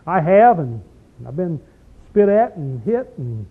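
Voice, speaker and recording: This preacher's voice is strikingly high and husky as he sermonizes in an emphatic, down-home manner, lingering over scriptural words and slowing to emphasize verses while posing rhetorical questions. The thin, phone-like sound recalls an old radio program.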